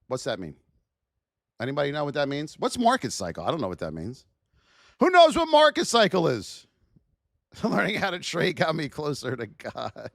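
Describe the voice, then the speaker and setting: A man hosting a live trading lesson, firing rhetorical questions at his chat in a high-energy, hype-driven way. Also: huge pitch swings, moderate pace, creaky, long pauses, fairly bright tone, no echo, studio quality. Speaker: trading educator hosting a livestream.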